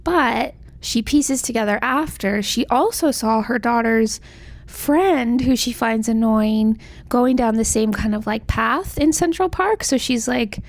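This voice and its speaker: A woman's voice: on the high side, measured pace, no room sound. A young woman casually recapping a novel's plot, chatty and full of "like", acting out the characters' lines. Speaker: book vlogger.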